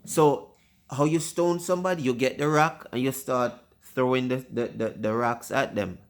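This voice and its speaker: A man's voice: medium pitch, fairly even intonation, normal speed. A father hosting a casual family video, rambling and often stumbling over his words.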